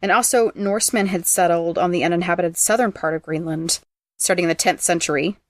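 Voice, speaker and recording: A woman's voice: lowish voice, no echo, clean studio sound. Teasing woman reading trivia facts. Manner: brisk and teasing, reads facts aloud, laughs often. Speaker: podcast host presenting trivia.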